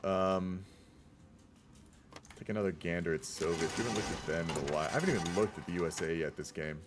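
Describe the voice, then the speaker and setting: A man's voice: deep voice, fairly quick, noisy background. A young man giving casual, rambling commentary on a multiplayer strategy game, often saying "y'all". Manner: chatty, rambling, says "y'all". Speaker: game caster.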